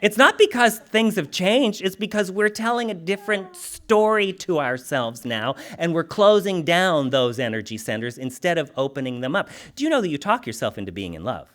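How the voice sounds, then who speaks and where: A man giving an animated, humorous, conversational spiritual talk to a congregation. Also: on the high side, moderate pace, few pauses. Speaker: spiritual teacher.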